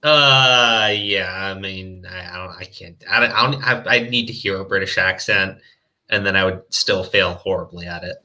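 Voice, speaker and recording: A male streamer with a low-pitched, sharp-toned voice chats casually at normal speed while mockingly reading a fan story aloud. He laughs a lot, speaks crudely, and keeps stumbling and restarting his words hesitantly.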